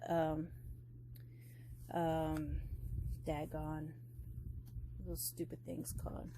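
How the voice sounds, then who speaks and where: A woman's voice: deep voice, monotone, drawn-out words, mellow, slight background noise, low-quality recording. A woman vlogging as she quilts, rambling and blunt, swearing freely as she works through her steps. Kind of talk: casual chat while crafting.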